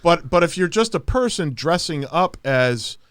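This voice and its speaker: A man hosts a casual podcast, his pitch leaping up and down as he talks. He stumbles and repeats words, and the sound is dry and close. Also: expressive, a bit bright, clean tone, no echo. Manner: halting, repeats words, laughs often. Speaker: podcast host.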